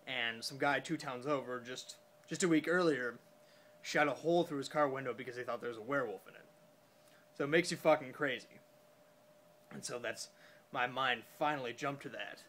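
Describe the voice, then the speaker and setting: A young man telling a story casually into his phone after a few beers, rambling and halting with many fillers and curses. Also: mid-range voice, a bit bright, a little hiss or hum. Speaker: vlogger.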